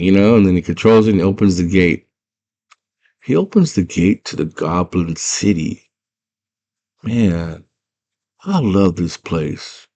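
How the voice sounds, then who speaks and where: Deep-voiced young man, slangy movie recap. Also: unhurried, pauses often. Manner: excited slangy storytelling. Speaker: movie fan retelling a film. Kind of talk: casual chat.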